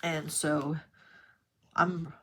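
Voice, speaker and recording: A woman's voice: deep voice, extremely slow, slight background noise. A woman vlogger telling a rambling story in a chatty way while she sorts her craft supplies. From New York. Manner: chatty, rambling, animated when retelling.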